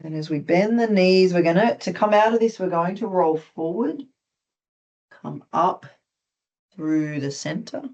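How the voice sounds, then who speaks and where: An instructor with an Australian accent calmly guiding a group through stretches, gently instructive with light touches of humor. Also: medium pitch, a little slow, muffled recording. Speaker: movement instructor. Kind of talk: guided stretching class.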